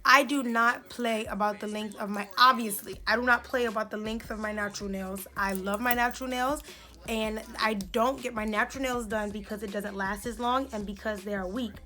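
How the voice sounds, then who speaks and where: A young woman in her twenties, a beauty vlogger telling an indignant, animated story while doing her makeup. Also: a little high, brisk.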